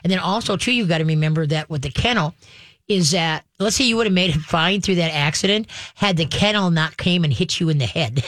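A woman hosting a pet advice show, talking casually and acting out owners with quick voices. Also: on the low side, no echo, studio quality. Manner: animated, acts out dog owners in quick voices. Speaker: veterinarian radio host.

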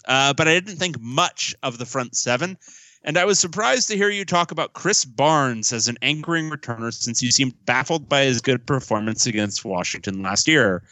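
A man's voice: medium pitch, bright, forceful tone, no room sound. A man co-hosting a casual sports podcast, reading out listener questions and answering with plenty of fillers. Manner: reads listener mail aloud, then answers at length with fillers. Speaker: podcast co-host.

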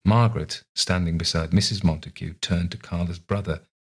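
Calm and measured, a male reader narrates a scripted story aloud. His voice is deep and husky, and he takes care with each scene as it unfolds.

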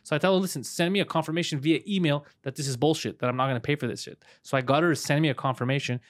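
A man co-hosting a podcast, telling a story in a casual, profane, animated way and putting on voices for the people in it. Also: on the high side, rapid-fire. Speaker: podcast co-host. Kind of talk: casual chat.

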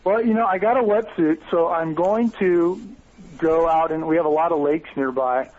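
A man's voice: on the high side, moderate pace, phone-quality sound. A man from Oregon, a podcast guest chatting casually and enthusiastically about his training. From Bend, Oregon. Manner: upbeat, enthusiastic. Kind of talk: casual chat.

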